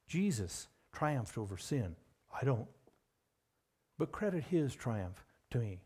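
Slow, emphatic male preacher. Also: big pitch swings, breathy edge. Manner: emphatic, with sudden rises in pitch and loudness on key words. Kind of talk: sermon.

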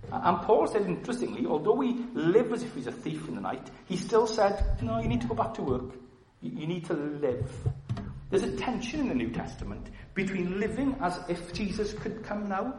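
A man delivers a sermon with a lively, swooping delivery, pitched a little high for a man. He slips into quoted voices as he preaches. The recording carries a roomy echo and faint background noise. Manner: animated, voices quoted people. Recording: echoey hall with faint noise.

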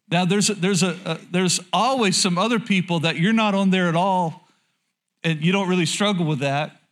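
A man's voice: fairly high pitch, fairly bright tone. A man preaching a sermon to his congregation in a hall, in a candid, lightly joking way, repeating phrases and asking the room questions. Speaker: pastor.

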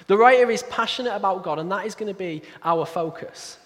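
A man giving a sermon in a conversational, self-deprecating way, with quick asides. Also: high voice, a bit bright. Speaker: pastor. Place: church hall. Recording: echoey church hall.

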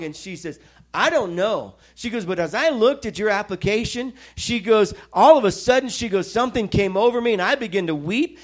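A man preaching a sermon, telling a personal testimony in a storytelling way with self-mocking asides, from Missouri. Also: high voice. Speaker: pastor.

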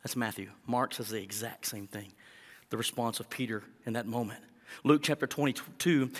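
A male pastor preaching a sermon, animated, acting out the quotes as he tells the story. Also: medium pitch, normal speed. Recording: long hall reverb.

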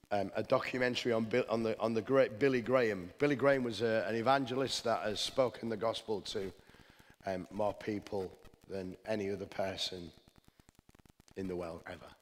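A man delivers a sermon in a low voice, speaking in a conversational, earnest way and often restarting his sentences. His voice carries a long church reverb, with a faint hiss underneath. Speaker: pastor. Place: church hall.

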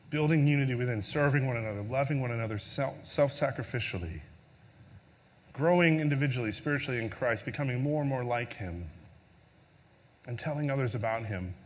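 Pastor preaching in a reverberant hall. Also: male voice, medium pitch. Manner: conversational storytelling with filler words. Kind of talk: sermon with storytelling and prayer.

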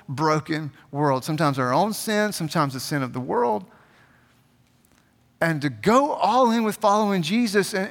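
A man's voice: high-pitched, fairly bright tone, in a large hall. A man preaching a sermon as a pastor, in an emphatic, conversational way, recorded in a church.

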